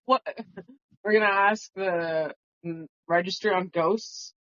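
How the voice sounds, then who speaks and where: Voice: mid-range voice, fairly even intonation, slow, a bit bright. A co-host on a casual book chat podcast who laughs often and talks things through. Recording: dull lo-fi home podcast audio.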